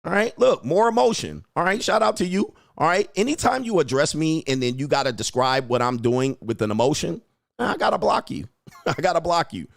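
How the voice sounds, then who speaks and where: Loud mocking man ranting. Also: on the high side, sing-song, a little fast, vocal fry, dry recording, clean studio sound. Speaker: online dating coach host. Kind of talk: livestream rant.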